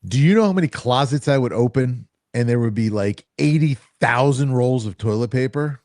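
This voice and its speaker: Medium-pitched and at normal speed, a middle-aged man hosts a podcast, recorded dry with studio quality. He spins stories in relaxed conversation, performing the quoted dialogue with animation.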